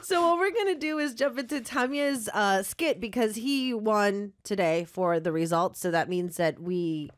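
A woman's voice: medium pitch, expressive, moderate pace, few pauses, no room sound, studio quality. A woman hosting a podcast in a chatty, casual way, running the show's segments. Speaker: podcast host. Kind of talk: casual chat.

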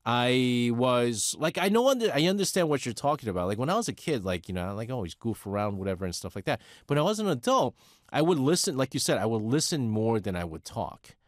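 A radio host in his forties with a New York accent talks casually with a listener. His delivery swings up and down in pitch, and he often laughs and restarts his sentences. The sound is dry and close. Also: quick pace, no room sound. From United States. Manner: animated, chatty, laughs often, self-correcting. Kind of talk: casual radio talk, answering a listener letter.

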